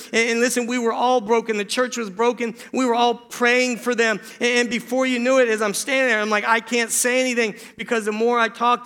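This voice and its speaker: High, bright-voiced preacher in a reverberant church. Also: male voice. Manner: earnest preaching with self-deprecating jokes, repeats "church". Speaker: pastor. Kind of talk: sermon. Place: church sanctuary.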